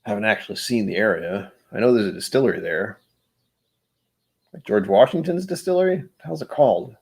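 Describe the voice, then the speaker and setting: A man's voice: on the low side, animated, a little fast, creaky, darkish tone, slightly rough. A man hosting his own vlog, rambling through casual solo musings with self-deprecating humor. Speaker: vlog host.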